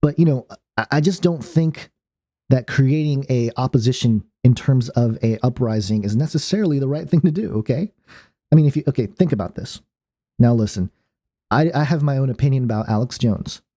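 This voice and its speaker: A man hosting his own channel delivers a loose, rambling casual monologue full of fillers and restarts. His voice is mid-range and dark, and he talks fairly quickly.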